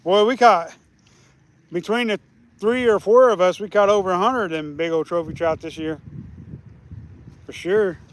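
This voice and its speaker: High-voiced rambling man streaming outdoors. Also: moderate pace, long pauses. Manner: easygoing, rambling, restarts often. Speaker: fishing live streamer. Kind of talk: casual live stream chat. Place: outdoors by a lake.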